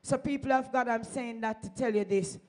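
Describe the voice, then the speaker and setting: A woman's voice: fairly high pitch, brisk, a little mellow. A woman with a Jamaican accent gives a fervent testimony to a church congregation, exhorting the listeners and slipping into Patois. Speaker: church member giving testimony. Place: church sanctuary.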